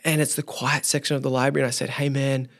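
This podcast guest, a young youth leader, has a gravelly mid-range voice and talks rapid-fire. He's an animated storyteller who acts out what he was thinking as the story unfolds.

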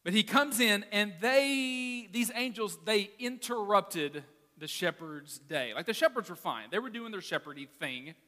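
A man, a pastor, preaching a sermon in an animated, conversational way, telling stories. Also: high voice, a little slow. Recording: reverberant hall.

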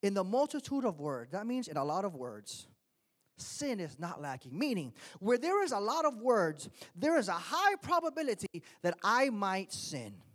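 A male pastor from Miami preaching a sermon, swinging from quiet asides to loud emphatic points. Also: sits high, very animated, normal speed. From Miami, United States.

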